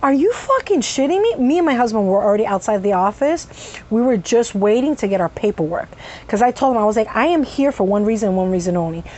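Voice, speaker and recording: A woman's voice: fairly high pitch, expressive, fast talker, a little mellow. A woman telling a casual story-time vlog, swearing a lot and breaking off with sudden vocal tic outbursts.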